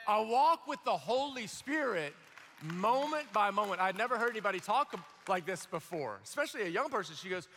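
A middle-aged man preaches a sermon, telling his story with animated, acted-out quotes and stammering restarts. His voice sits high and moves at a moderate pace, with long hall reverb in the recording.

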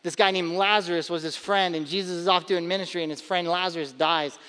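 A pastor preaching to his congregation with a bright, high-set male voice. He talks in a loose, conversational way, pushing key points hard and doubling words as he goes. His voice rings out with the long reverb of a big hall. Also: steady tone, a little fast, clear, resonant tone. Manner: conversational, emphatic preaching with repetitions. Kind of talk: sermon.

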